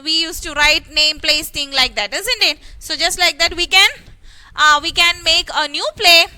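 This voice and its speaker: A woman teacher giving an online lesson, spelling out letters slowly and repeating words with stress. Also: very high voice, bright, forceful tone. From India.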